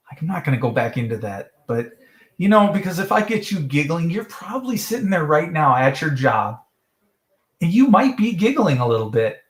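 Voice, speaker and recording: A man chats away on a live stream, joking and drifting from one topic to the next. His pitch swings widely as he talks. The sound carries a roomy echo. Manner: joking, jumps between topics, mimics voices in high falsetto. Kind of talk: rambling live stream chat.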